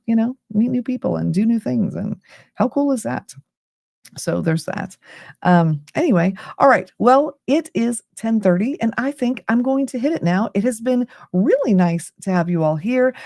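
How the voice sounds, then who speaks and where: A woman's voice: medium pitch, gravelly, mellow, no room sound, clean studio sound. A middle-aged woman from the United States, tired and yawning, chatting casually and rambling as she hosts a late-night livestream. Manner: chatty, rambling, easily sidetracked. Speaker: livestream host.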